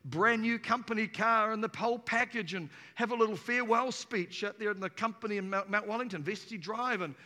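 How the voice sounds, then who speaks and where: A man preaching an energetic sermon to a congregation in a church auditorium, emphatic and playful. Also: high voice, fairly quick, hardly any pauses. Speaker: pastor. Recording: reverberant hall.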